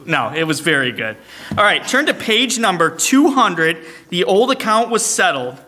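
A man leading a church service with a high voice and a sharp, very bright tone. He makes the announcements in a playful, teasing manner, tossing off quick joking asides to the congregation. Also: sing-song. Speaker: song leader and service host. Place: church sanctuary, streamed online.

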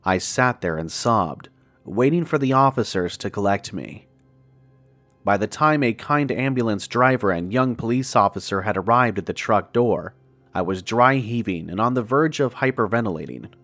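A man reading a first-person horror story aloud as a podcast narrator, in a measured, dramatic way that slows down on the grim details. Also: lowish voice, expressive, fairly bright tone, no room sound, faint music behind.

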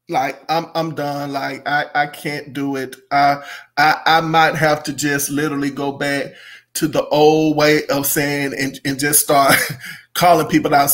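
A man's voice: fairly high pitch, fairly bright tone. A middle-aged man giving a casual opinion monologue about music, emphatic and repetitive, breaking into fits of laughter. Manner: emphatic, repeats phrases, bursts into helpless laughter. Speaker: music commentary host.

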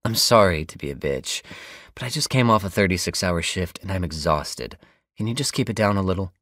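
A man putting on a husky, blunt woman doctor. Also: low-pitched, animated, a little fast, a bit bright, no echo, voice pushed up. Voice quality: husky, raspy. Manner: dry and blunt. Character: tired, blunt young woman doctor, sharp-tongued.

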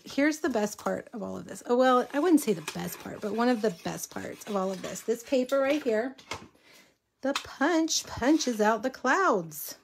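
A fairly high-voiced woman walks viewers through a stamping and card-making project in a relaxed, chatty way. She drifts into little asides to the audience and to her dogs at home. A faint hiss sits under the recording. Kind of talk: casual live craft tutorial. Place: home craft room with dogs around.

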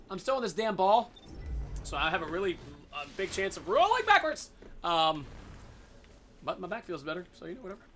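A man giving excited, casual commentary on his own gameplay, swearing and yelling at the game. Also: high-pitched, moderate pace, pauses often, a little hiss or hum. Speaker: gaming video host.

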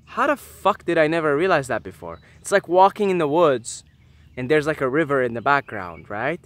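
A young man muses aloud in a casual monologue, his voice bright and a touch higher than most men's. He swears freely and restarts his sentences often. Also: dry recording. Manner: animated, swearing, musing aloud with many restarts. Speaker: vlogger.

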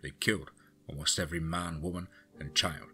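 A man doing a grim, deep-voiced beast tracker. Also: steady tone, a little fast, bright, forceful tone, slightly rough, faint music behind, exaggerated voice. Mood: grave.

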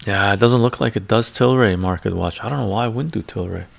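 A man's voice: fairly low pitch, fast talker, creaky. A man, the host, talking casually and thinking aloud as he browses stock charts, often muttering to himself. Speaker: finance video host. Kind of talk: casual screen-share commentary. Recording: ASMR-style close mic.

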